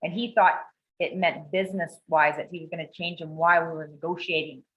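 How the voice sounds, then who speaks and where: A woman's voice: on the low side, fairly quick, muffled recording. A woman telling a story in casual chat, swearing freely and acting out the quoted lines of the people in it. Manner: profane, animated, acts out quoted dialogue. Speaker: podcast co-host. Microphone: video call.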